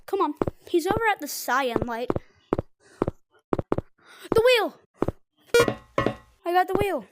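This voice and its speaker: A young woman streaming a VR game, giving excitable play-by-play commentary to her chat and a friend, often shrieking, laughing and trash-talking. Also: extremely high pitch, fairly quick, over loud music. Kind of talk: live gameplay commentary.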